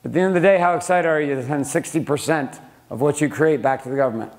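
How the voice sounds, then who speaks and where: A man's voice: on the high side, fast. A middle-aged man giving a blunt, profane motivational business talk to a live audience, swearing freely and throwing questions at the room. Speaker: speaker teaching a room of men.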